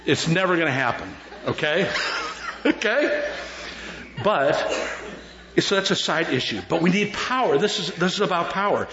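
Middle-aged guy preaching, kinda high voice, jokey and repeats himself a lot, dull lo-fi sound. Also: normal speed, roomy sound. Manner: animated preaching with jokes and repetition. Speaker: pastor. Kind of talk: sermon.

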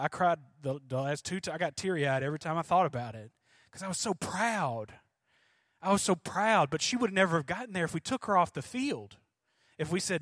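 A man, preaching a sermon in an animated storytelling way. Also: a little high, fast, no room sound, clean studio sound. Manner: animated storytelling, emphatic, voices his daughter and himself. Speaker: pastor.

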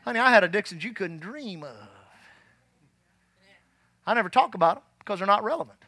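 A man preaching a sermon in church, fervent and rising to shouts, dropping low and quiet when telling his past. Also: animated, fairly quick, no echo.

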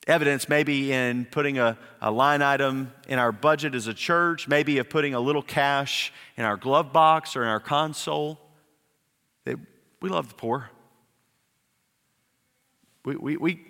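A man's voice: mid-range voice, bright, forceful tone. Man preaching in a reverberant hall. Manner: emphatic preaching with repetitions and slowed, dropped phrases. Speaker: pastor. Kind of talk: sermon.

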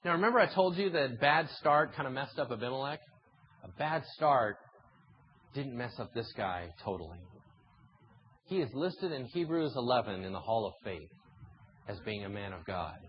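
Animated male pastor preaching. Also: medium pitch, moderate pace, highs cut off, slight background noise. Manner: animated, acts out dialogue between God and people. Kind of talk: sermon.

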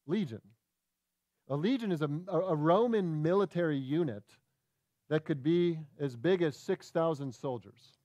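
A man preaching a sermon, animated and conversational, with quick asides and restarts. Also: on the high side, no echo. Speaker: pastor.

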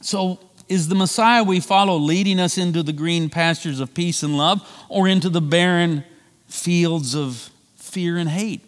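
A male pastor delivering a sermon, swinging between loud emphatic lines and quiet drawn-out phrases. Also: long reverb tail. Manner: preaching with wide swings of pitch and volume, slowing for emphasis.

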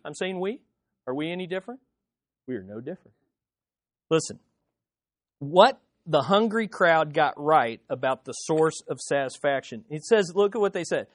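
A male pastor preaching a sermon to his congregation, firing off rhetorical questions and swinging from quiet to loud. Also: high voice, no room sound, studio quality. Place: church service.

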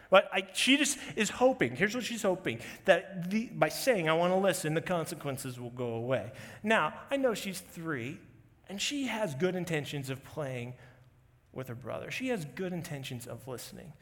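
Young male pastor, higher voice, casual storytelling sermon, church hall reverb. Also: very animated, normal speed, fairly bright tone. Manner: conversational storyteller acting out quotes.

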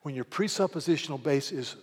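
Guy preaching a sermon, gets loud and pleading then drops low for stories, long echo off the hall. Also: a little fast, breathy edge. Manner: swings from loud fervent pleading to quiet storytelling. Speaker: pastor.

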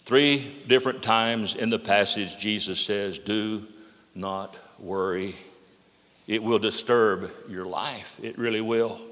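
A man preaching a sermon as pastor, telling stories and quoting with emphatic rises, then dropping low and quiet for solemn points. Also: unhurried, few pauses. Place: church sanctuary. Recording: echoey sanctuary with long reverb.

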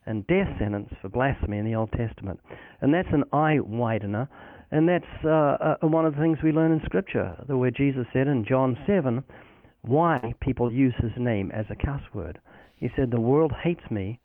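A man's voice: medium pitch, normal speed, no echo. A man, an evangelist guest, talking earnestly in a preaching way, quoting scripture and acting out little dialogues. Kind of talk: recorded phone interview about faith. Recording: tinny phone line.

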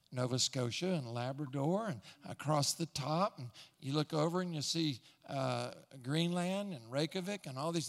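A male preacher with a somewhat high voice delivers a sermon in a lively storytelling manner. He builds excitement, doubles back on his words and chuckles as he goes.

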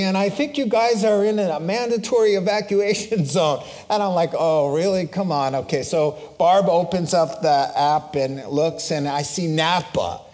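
A middle-aged male pastor preaching a sermon, telling a personal story in an animated way and acting out voices before turning to solemn preaching. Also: fairly high pitch.

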